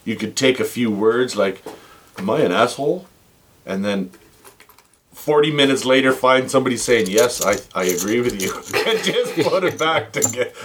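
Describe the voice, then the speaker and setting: A man chatting casually over a board game, telling animated, profane stories and swearing freely. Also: medium pitch, moderate pace. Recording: distant mic with faint noise.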